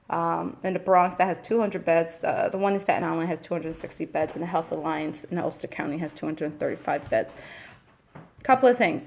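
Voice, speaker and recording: A woman from Queens, talking casually through a live-stream update and getting emphatic and indignant when she disagrees. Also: fairly low pitch. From Queens, New York. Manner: chatty, emphatic, breaks into an indignant rant. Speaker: Facebook Live host.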